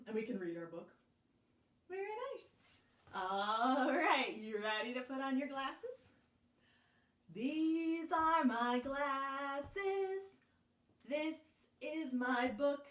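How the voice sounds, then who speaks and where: Librarian lady doing kids' storytime, slow and bouncy, echoey room kinda far off mic. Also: mid-range voice, fairly bright tone. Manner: playful, sing-song, coaxing young listeners. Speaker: children's librarian. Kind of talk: children's storytime, reading aloud. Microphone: camera for a live stream.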